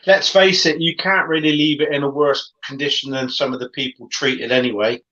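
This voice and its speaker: A man's voice: mid-range voice, fairly even intonation, fairly quick, bright, forceful tone, lo-fi sound. A man bantering as co-host, blunt and telling stories with casual swearing.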